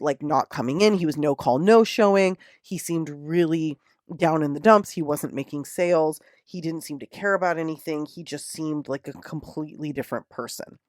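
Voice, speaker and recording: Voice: mid-range voice, dry recording, clean studio sound. A podcast host telling a true crime story in a casual, indignant, profane way. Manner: indignant, profane, animated retelling.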